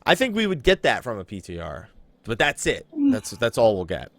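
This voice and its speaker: Teasing, animated podcast host. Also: male voice, on the low side, moderate pace, vocal fry, no room sound. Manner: teasing, insistent, swears freely. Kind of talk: casual gaming podcast chat.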